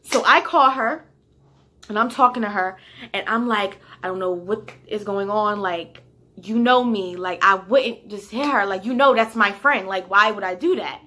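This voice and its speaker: A young woman vlogs a storytime in a casual, slangy way, with plenty of swearing. Her voice is bright and forward, with a fairly typical pitch. She swings from animated outrage to near whispers. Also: normal speed. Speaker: vlogger.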